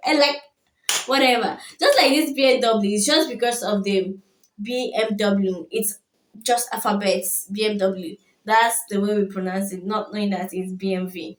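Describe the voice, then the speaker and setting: A woman's voice: mid-range voice, fairly even intonation, normal speed, recorded from a distance. A woman from Nigeria hosting a reaction video, chatting casually and repeating words aloud. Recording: roomy, from off the mic.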